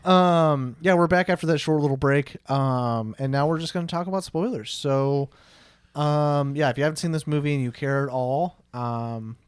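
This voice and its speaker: Male podcast host, slightly high voice, loose chatty delivery, dead-dry studio sound. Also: moderate pace, smooth, dry recording. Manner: chatty, frequent fillers. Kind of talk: casual chat.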